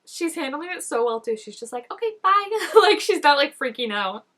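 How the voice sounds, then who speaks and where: Her voice sits high and sounds animated and fairly bright, moving at a moderate pace. She's a young adult woman vlogging her reactions to a TV episode, chatty and casual, full of fillers, frequent laughter, and mock-dramatic outbursts aimed at the screen.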